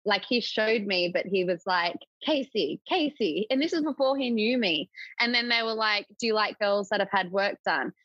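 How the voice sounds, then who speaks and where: Brief: young woman guest, candid chatty tone, middle pitch, dry and slightly muffled recording. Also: normal speed, no echo. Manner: chatty, open, full of filler likes. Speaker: podcast guest. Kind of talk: casual chat. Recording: dull, dry lo-fi audio.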